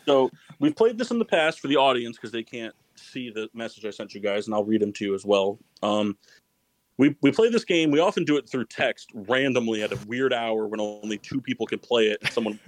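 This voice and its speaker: A man's voice: medium pitch, brisk, no echo, low-quality recording. A man hosting a casual sports podcast, rambling and correcting himself, laughing often. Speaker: podcast host.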